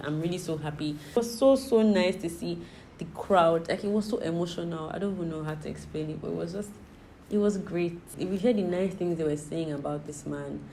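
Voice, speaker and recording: A woman's voice: fairly low pitch, dark tone, a little hiss or hum, rough recording. A young woman vlogging to camera, gushing and emotional as she recounts a family celebration. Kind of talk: casual talk to camera.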